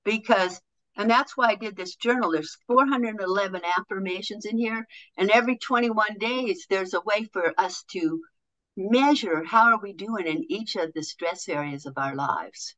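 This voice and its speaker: A woman guest on a podcast, a motivational speaker and author, telling stories in an animated way and acting out quoted voices. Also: mid-range voice, normal speed, low-quality recording. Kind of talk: conversational podcast interview.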